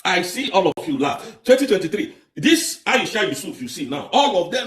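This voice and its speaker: A man's voice: fairly high pitch, big pitch swings, fairly quick, hardly any pauses, roomy sound. A man with a Nigerian accent giving an impassioned political livestream, fiery and repetitive, firing off rhetorical questions. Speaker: livestream commentator.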